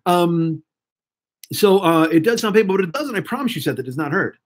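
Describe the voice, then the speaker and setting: A hoarse man in his fifties hosting a live stream, rambling and swearing excitably as he chats with viewers. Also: high voice, brisk. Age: 50s. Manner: rambling, profane, excitable, talks to chat. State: hoarse throat. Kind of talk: casual live-stream chat.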